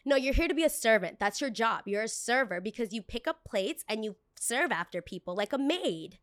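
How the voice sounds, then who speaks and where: A woman's voice: on the high side, lively intonation, brisk, no echo, studio quality, close to an everyday voice. A woman voicing a rude, entitled female restaurant customer who talks down to staff. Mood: haughty. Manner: haughty, condescending.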